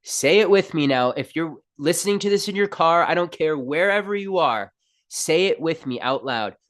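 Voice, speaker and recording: A man's voice: a little high, expressive, normal speed, fairly bright tone. A man hosting a spiritual self-help podcast, talking straight to the listener in an emphatic, playful way. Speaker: podcast host and spiritual counselor. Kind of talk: motivational spiritual talk.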